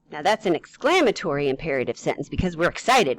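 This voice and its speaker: A woman's voice: deep voice, big pitch swings, fast talker, poor audio. A woman teaching a grammar lesson to young children, playful and chatty, talking straight to them with questions.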